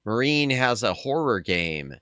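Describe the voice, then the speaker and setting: A man's voice: mid-range voice, a little slow, no room sound, clean studio sound. A man streaming a retro game, chatting casually with his chat, with a sore throat. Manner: chatty, animated. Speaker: VTuber streamer. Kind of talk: casual game stream, reading dialogue aloud.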